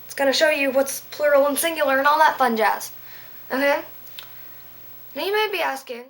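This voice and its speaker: A woman tutoring Latin in a casual home video, her voice sitting a little high. She keeps things playful with goofy asides and jokes at her own expense. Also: moderate pace, long pauses, a bit bright, rough recording.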